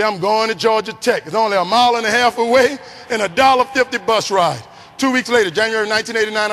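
New Orleans man, very high voice, animated motivational speaker, big hall echo. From New Orleans, Louisiana. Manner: animated, acts out voices in his story. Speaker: keynote speaker. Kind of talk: motivational storytelling speech. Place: large conference hall. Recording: long hall reverb.

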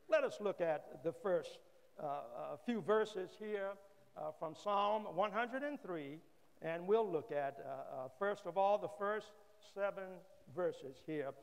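Slow-preaching man in a reverberant church. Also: sits high, animated, vocal fry. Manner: measured, frequent "uh" pauses, repeats key phrases. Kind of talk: sermon. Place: church sanctuary.

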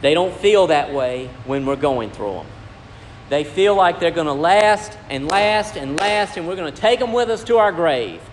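A man preaching a sermon as pastor, swinging from loud, raised lines down to hushed ones. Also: fairly high pitch, expressive, normal speed, a little hiss or hum. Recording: long hall reverb with faint ambience.

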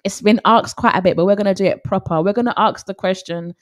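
A woman's voice: medium pitch, quick pace. A woman co-hosting a casual radio show, bantering playfully and laughing often. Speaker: radio co-host.

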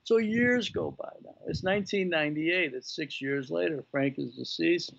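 A man in his sixties telling an animated story on a remote interview, acting out the dialogue of the people in it. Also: on the high side, normal speed, gravelly. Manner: animated anecdote-teller, acting out quoted dialogue. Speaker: guest, former baseball executive. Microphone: video call. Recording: lo-fi video call audio.

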